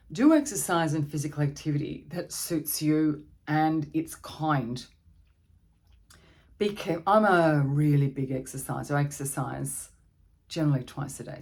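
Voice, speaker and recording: Low-voiced woman therapist. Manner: gentle, conversational, with frequent fillers and restarts. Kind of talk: informal talk on anxiety strategies.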